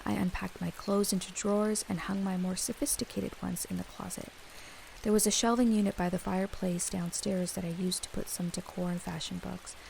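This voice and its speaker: Young woman narrator with a gravelly edge, steady read of a creepy story. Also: medium pitch, fairly quick, a little hiss or hum, poor audio. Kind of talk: scripted first-person horror narration.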